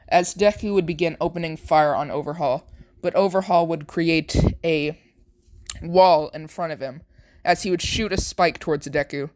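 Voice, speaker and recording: Amateur storyteller, mid-pitched, improvising an action tale with frequent restarts; dry, close recording. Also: no echo. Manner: halting, with frequent restarts and self-corrections; strings events together with repeated "would" and "as". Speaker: fan fiction storyteller.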